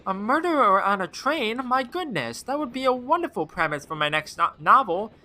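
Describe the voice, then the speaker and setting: A man's voice: high-pitched, big pitch swings, normal speed, bright, forceful tone, voice pushed up, exaggerated voice. A man voicing a friendly, motherly middle-aged woman novelist in a game who calls others dear. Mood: sweet.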